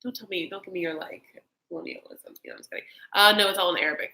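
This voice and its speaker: A woman's voice: fairly low pitch, wildly swooping pitch, rapid-fire, pushed and bright, rough recording. A woman hosting a casual reality-TV recap chat, chatty and campy, slipping into exaggerated voices to mimic people. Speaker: host.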